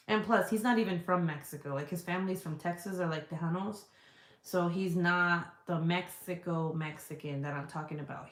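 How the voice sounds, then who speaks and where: A woman vlogger chatting casually and answering viewer comments, frank and profane and quick to laugh. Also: on the low side, fairly bright tone. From United States. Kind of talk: casual chat. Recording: echoey room.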